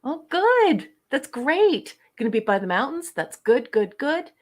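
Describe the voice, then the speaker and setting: A woman's voice: sits high, very animated, unhurried. Playful, affectionate woman reading the chat. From western Canada. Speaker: co-host of a live fan show. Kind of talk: casual live-stream chat.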